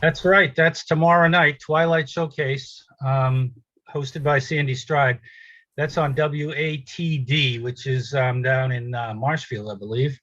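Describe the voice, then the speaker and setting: A man's voice: medium pitch, steady tone, unhurried, fairly bright tone, dry recording, highs cut off. A musician chatting casually over a video call, introducing his song in a rambling way with lots of ums and uhs. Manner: rambling, filler-heavy. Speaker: musician performer. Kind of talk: casual chat.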